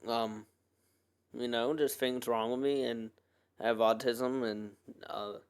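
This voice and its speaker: A man's voice: medium pitch, fairly even intonation, slow pace, clear, resonant tone. A man hosting his own podcast and talking alone in a loose, earnest, rambling way, full of fillers and restarts. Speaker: podcast host. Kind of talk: casual solo podcast monologue.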